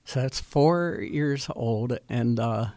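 Male radio host, gravelly voice, dry studio sound, halting and rambling with lots of fillers. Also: mid-range voice, darkish tone, no room sound. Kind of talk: radio interview.

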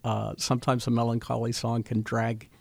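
Male radio host, gravelly voice, dry studio sound, halting and rambling with lots of fillers. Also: medium pitch, monotone, no echo. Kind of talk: radio interview.

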